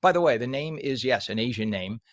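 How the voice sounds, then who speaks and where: A man's voice: mid-range voice, lively intonation, brisk, no echo. A man hosting a morning talk show, reading news items and ranting about them in heated, sarcastic commentary.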